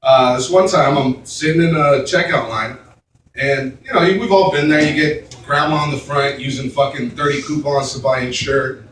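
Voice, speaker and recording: Recorded from afar in a roomy club with slight background noise, this Mexican-heritage comic tells a long, profane, rambling story full of fillers to a laughing crowd. He speaks at medium pitch and a moderate pace, his tone steady and a bit bright.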